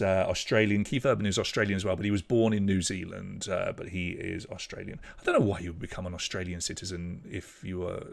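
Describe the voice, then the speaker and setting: A man's voice: deep voice, steady tone, brisk, gravelly, hardly any pauses. A young British man hosting an online pub quiz, chatty and loose, reading out scores and names and trailing off when a name escapes him. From Britain. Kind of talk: live-streamed quiz hosting.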